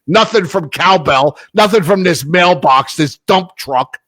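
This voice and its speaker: A man's voice: high-pitched, expressive, unhurried, fairly bright tone, no room sound. A man co-hosting a casual sports podcast, ranting animatedly and swearing freely. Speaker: podcast co-host. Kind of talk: casual chat.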